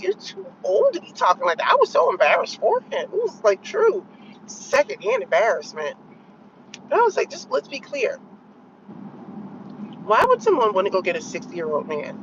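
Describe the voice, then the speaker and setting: A woman's voice: muffled recording, background noise. A woman vlogging her opinions, telling a story in a blunt, exasperated way and acting out her own retorts. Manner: animated storytelling, quoting her own retorts with sharp pitch jumps. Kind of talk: opinionated commentary vlog.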